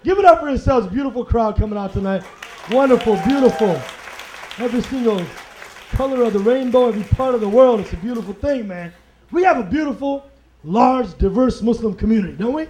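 A man's voice: very high-pitched, expressive, brisk, mellow, some chatter behind, slight background noise, poor audio. A man from Chicago performing a playful stand-up comedy routine, laughing at his own jokes and mimicking voices. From Chicago, USA. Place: live comedy stage.

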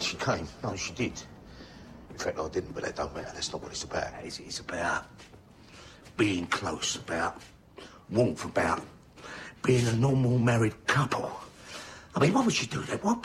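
A man's voice: low voice, fairly bright tone, a little hiss or hum, rough recording. A man voicing a heartbroken middle-aged husband who rambles and swears in despair. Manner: swearing, rambling, self-pitying.

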